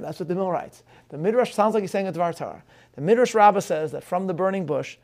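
Guy giving a slow careful lecture, kinda high voice, reads quotes and hebrew bits. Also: gravelly, darkish tone. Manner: measured, scholarly, reads quotes aloud; uses Hebrew phrases. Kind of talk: lecture on film and scripture.

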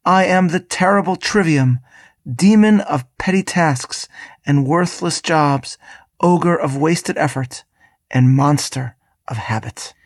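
A man's voice: fairly high pitch, steady tone, a little fast, creaky, dry recording, studio quality. A man reading aloud and voicing a sour, villainous male demon of petty tasks who snarls and shrieks. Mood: triumphant.

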